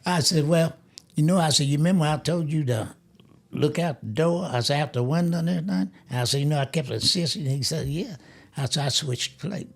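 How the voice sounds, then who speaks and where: A man in his eighties, a grandfather, telling a family story in a lively way, laughing as he goes and acting out the quotes. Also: a little high, fairly quick, vocal fry. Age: 80s. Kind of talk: casual storytelling.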